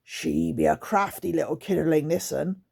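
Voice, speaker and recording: A woman reading aloud, voicing a growling, croaking male monster who leads a gang. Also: sits low, very animated, normal speed, a little mellow, heavily acted. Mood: snarling. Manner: growling, croaking, spitting words.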